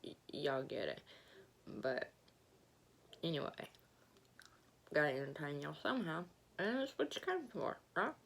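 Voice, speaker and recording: A woman with a Southern Alabama accent, telling a story in a rambling, halting way as she eats and talks with her mouth full. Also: low voice, big pitch swings, creaky. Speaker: vlogger. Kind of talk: casual storytelling while eating.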